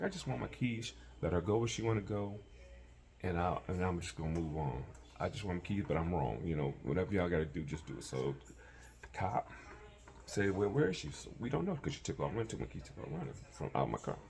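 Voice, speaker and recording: A man casually telling a personal story, animated and acting out the voices of people he quotes. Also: low voice, creaky.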